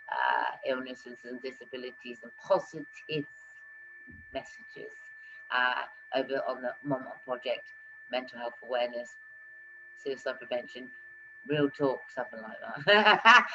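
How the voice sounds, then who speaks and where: A woman hosting a live talk stream, talking casually and turning loud and animated when she presses a point. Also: a bass voice, lo-fi sound, noisy background. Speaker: host of a live talk show.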